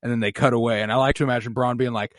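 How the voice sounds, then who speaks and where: A man's voice: mid-range voice, steady tone, no room sound, studio quality. A man co-hosting a podcast in casual chat, swearing freely and acting out characters' lines. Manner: swears freely, acts out characters' lines in quick mock voices. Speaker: podcast co-host recapping episodes.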